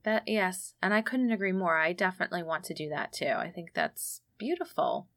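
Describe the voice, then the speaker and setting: A woman in her thirties chats casually as a podcast co-host. Her voice sits low with a gravelly fry, and she tells stories and quotes others in dialogue. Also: lively intonation, a little fast, fairly bright tone. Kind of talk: casual chat.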